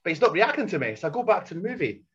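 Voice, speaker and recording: A man, a podcast guest, telling loud, excitable stories full of swearing and acted-out quotes. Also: high-pitched, rapid-fire, a little hiss or hum. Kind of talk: animated storytelling. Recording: dull lo-fi podcast audio.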